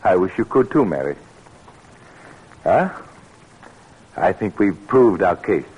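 An earnest, stubborn radio-drama doctor. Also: male voice, low voice, very animated, a little mellow, slight background noise, exaggerated voice. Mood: earnest, calm. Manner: earnest, measured, flares into anger. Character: determined, stubborn middle-aged male doctor and researcher. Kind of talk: 1940s radio acting. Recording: dull lo-fi old radio recording.

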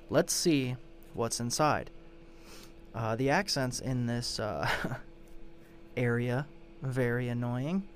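A man hosting a show, giving a casual, rambling recap of a true-crime story and swearing in exasperation as he goes. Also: mid-range voice. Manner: profane, exasperated, rambling retelling. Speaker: show host.

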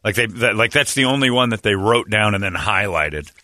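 A man's voice: lowish voice, expressive, brisk, sharp tone, dry recording. A man telling crude workplace stories in a joking, boisterous way, acting out the voices of the people in them. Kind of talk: crude comic storytelling.

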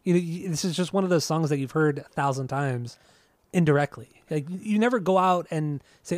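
Brief: easygoing male podcast co-host, laid-back and rambling, fairly high voice, dry close mic. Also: a little fast, no echo. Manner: relaxed, rambling, many restarts, laughs often. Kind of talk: casual chat.

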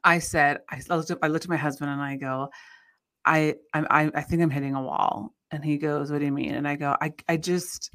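A woman in her thirties from the United States, with a low voice and a fairly quick pace, co-hosts a podcast in casual chat. She retells her own story as an animated storyteller, restarting often and rising to exclaim.

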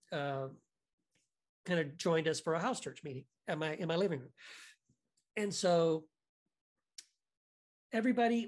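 A man guest on a podcast, telling a story in a casual, animated way, full of restarts and "right?" asides. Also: a little high. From United States.

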